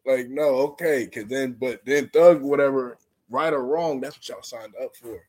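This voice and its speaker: A man with a husky voice swaps stories on a casual podcast. His pitch sits mid-range. He talks in heavy slang and breaks into loud exclamations. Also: moderate pace.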